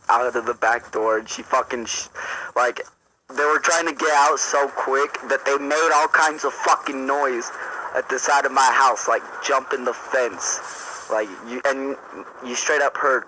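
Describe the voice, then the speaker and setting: A man's voice: mid-range voice, sharp tone, a little hiss or hum, rough recording. A man telling a rambling, profane story in a casual storytime vlog, full of fillers. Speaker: storyteller vlogger.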